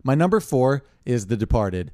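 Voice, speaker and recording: A man's voice: mid-range voice, very animated, dark tone, dry recording, studio quality. A young man co-hosting a podcast in casual chat, teasing his friends. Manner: fast, playful teasing. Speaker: podcast co-host.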